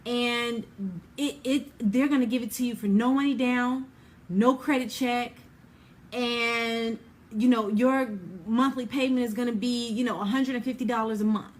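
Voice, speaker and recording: A woman's voice: a little high, fairly even intonation, a little slow. A woman giving an informal Bible lesson in a chatty, everyday way, full of "you know" and "like", acting out little scenes. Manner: acts out everyday scenes with quoted dialogue. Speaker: Bible teacher.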